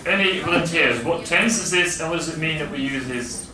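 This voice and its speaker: Over a loud crowd, a man with a somewhat high voice talks a little fast while teaching an English grammar lesson, patiently explaining and quizzing the class. He sounds far from the mic in an echoey classroom full of background noise.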